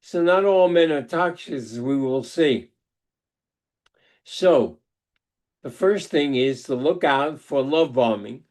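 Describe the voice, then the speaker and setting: Slow, deliberate older man lecturing. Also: mid-range voice, a little mellow. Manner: deliberate, halting delivery with many restarts. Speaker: psychologist giving a webinar talk. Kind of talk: lecture with personal storytelling. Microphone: video call microphone.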